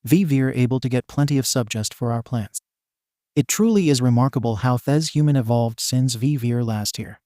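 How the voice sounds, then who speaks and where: A man's voice: medium pitch, normal speed, dark tone, no room sound, clean studio sound, natural voice. A man voicing a gloating male villain with a German accent in a storybook reading.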